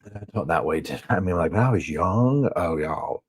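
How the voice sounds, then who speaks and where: A man's voice: low voice, expressive, normal speed, slightly rough. A man from the American South with a Southern accent, hosting a casual live chat and answering viewer comments. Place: home, on a sofa.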